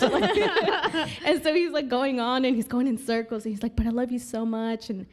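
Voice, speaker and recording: A woman's voice: fairly high pitch, normal speed. A young woman, a podcast guest, telling a story in casual chat, laughing often and acting out what people said. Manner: animated, laughs often, acts out quotes.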